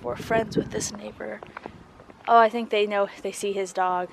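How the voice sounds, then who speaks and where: Her mid-range voice is steady, with vocal fry and a moderate pace, as the mom vlogger talks casually to camera on a neighborhood street amid background noise. She lapses into a sing-song baby voice with the kids and puppies.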